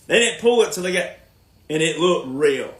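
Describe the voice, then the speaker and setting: Emphatic high-voiced man in a roomy space. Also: lively intonation, moderate pace. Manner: emphatic, sarcastic, lecturing. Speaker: podcast host. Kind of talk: casual podcast rant.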